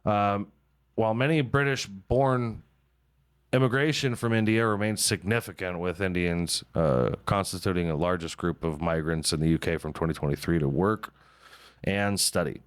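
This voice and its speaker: A man's voice: low-pitched, moderate pace, smooth. A man hosting a comedy podcast in casual chat, rambling and swearing freely and mocking himself. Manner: rambling, profane, self-mocking. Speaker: podcast host.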